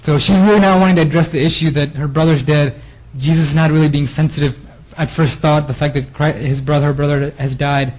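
Earnest man preaching, slightly high voice. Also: steady tone, fairly quick, a little mellow, rough recording. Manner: earnest, reads verses then explains informally with fillers. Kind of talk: sermon reading scripture with commentary.

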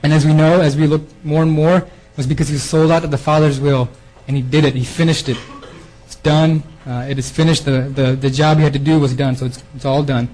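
Man, sermon, earnest, restarts phrases, slightly high voice. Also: flat delivery, a little fast, a little mellow, poor audio. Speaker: preacher giving a theme talk.

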